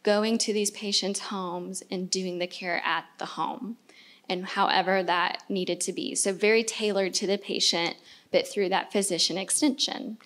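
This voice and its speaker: Woman panelist, medium pitch, conference talk, explanatory with fillers. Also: steady tone, measured pace, a bit bright. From Indiana, United States.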